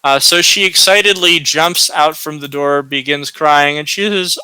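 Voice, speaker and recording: A man narrating as game master of a tabletop game, slow and hesitant, with many fillers. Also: on the high side, bright, forceful tone, smooth, no echo, poor audio.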